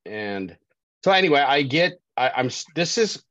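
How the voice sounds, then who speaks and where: A man's voice: mid-range voice, big pitch swings, moderate pace, a bit bright, no echo. A middle-aged man, a sobriety coach, telling his life story casually in an interview and often checking in with "right?". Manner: conversational, keeps asking "right?". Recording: dry, dull lo-fi call audio.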